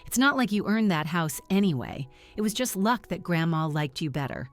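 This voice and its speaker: A woman reading the part of an entitled, mocking younger sister in a spoken story, with a lowish voice. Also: animated, moderate pace, faint music behind, lightly acted. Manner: mocking, dismissive.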